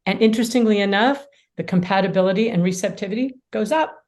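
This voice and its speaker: A woman mediator and lawyer, a podcast guest, explaining ideas in an animated way and acting out quotes. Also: medium pitch, fast. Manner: animated storyteller, acts out quotes. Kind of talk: casual conversation.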